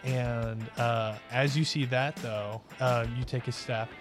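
Brief: unhurried male game master, hesitant delivery full of ums, faint music under him. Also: medium pitch, steady tone. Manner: hesitant, many fillers. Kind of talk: narrating a tabletop game.

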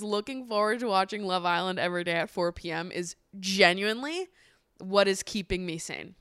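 A woman's voice: mid-range voice, normal speed, fairly bright tone, smooth, no echo, studio quality. A young woman hosting a podcast in candid casual chat, laughing often and using plenty of slang. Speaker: podcast host.

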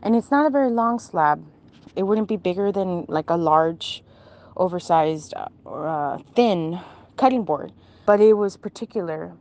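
A woman casually recounting a strange dream, pausing often and restarting as she searches for words. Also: lowish voice, animated, a little mellow. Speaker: storyteller.

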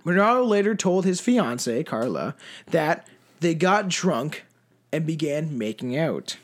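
A man's voice: on the high side, very animated, a little slow. A man hosting a casual true-crime chat, swearing freely and rambling through frequent restarts. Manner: profane, rambling, restarts often. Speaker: podcast host.

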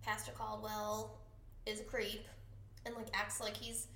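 A woman's voice: mid-range voice, completely flat delivery, a little slow, fairly bright tone, echoey room, a little hiss or hum. A woman co-hosting a podcast in casual chat, chatty and swearing freely. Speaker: podcast co-host.

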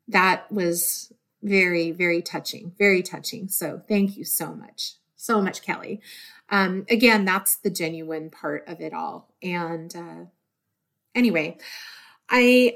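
A woman hosting her own podcast, talking earnestly from the heart and getting teary, in a loose rambling monologue. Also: mid-range voice. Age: adult with a desk job. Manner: warm, earnest, easily moved to tears. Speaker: podcast host.

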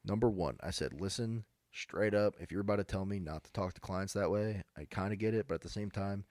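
A man's voice: on the low side, a little fast, a little mellow, dry recording. A young man co-hosting a podcast, rambling through stories, acting out what people said, with lots of "dude" and "bro". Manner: rambling storyteller, acts out quotes, says bro and dude. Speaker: podcast co-host. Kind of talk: casual chat.

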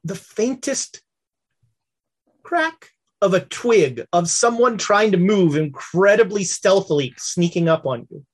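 A woman running a tabletop game as game master, narrating in a loose, halting way. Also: medium pitch, expressive, slightly rough.

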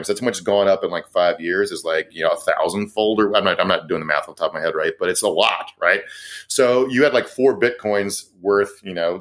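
A young adult man co-hosting a casual comedic news chat, profane and sardonic with quick asides. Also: on the low side, fairly bright tone. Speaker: podcast co-host.

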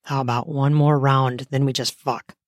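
A woman voicing a calm, coaxing adult male lover with a raspy voice, murmuring her lines slowly in an audio story. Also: no echo, studio quality. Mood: low coaxing. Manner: slow, low murmured lines. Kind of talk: audio story role-play.

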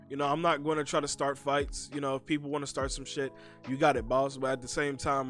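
Rambling laid-back male podcast co-host. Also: medium pitch. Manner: laid-back, rambling with many fillers, swears freely. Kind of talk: casual podcast chat.

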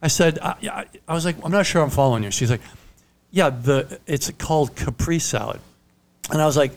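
A man whose first language is Italian, co-hosting a casual chat and telling an anecdote, going quiet and deadpan when he quotes himself. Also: on the high side, brisk. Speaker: podcast co-host.

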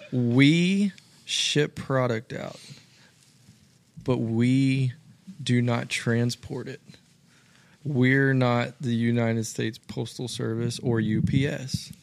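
A man with a gravelly, fry-touched voice chats as a podcast guest. He drops in quick, joking asides and easy complaints in a loose, casual tone. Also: medium pitch, steady tone. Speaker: podcast guest, golf apparel co-founder. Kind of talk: casual chat.

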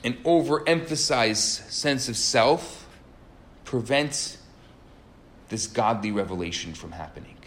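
A man's voice: animated, slow, a bit bright. Earnest man preaching with emphatic stress. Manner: earnest, emphatic, varies pitch and pace for stress. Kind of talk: sermon with storytelling.

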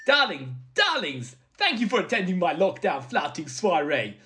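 A posh, pompous fop holds court at his own party, as a man puts him on. His voice sits high and swoops up and down as he laughs between lines, theatrical and self-satisfied. He sounds thoroughly pleased with himself. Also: very animated, moderate pace, noisy background. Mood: smug.

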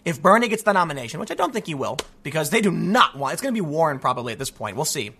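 Commentator: bright, high-pitched man with a lively, swooping delivery, sarcastic and a little congested. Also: very fast, gravelly, a little hiss or hum. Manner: animated and sarcastic, with frequent mocking voices. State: stuffy from allergies. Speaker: political commentator. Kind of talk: casual opinion monologue.

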